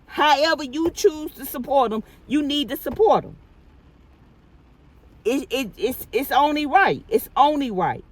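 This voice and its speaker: A woman's voice: on the high side, rough recording. Woman ranting emphatically in a car. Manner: emphatic, repetitive, preachy. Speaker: vlogger. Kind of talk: casual car rant to camera. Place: inside a parked car in heavy rain.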